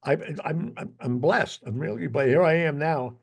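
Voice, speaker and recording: A man in his eighties hosting a podcast, chatting casually and warmly, often stopping and repeating his words. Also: a little high, vocal fry, breathy edge. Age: 80s. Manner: warm, halting, repeats words. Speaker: podcast host. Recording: dull lo-fi podcast audio.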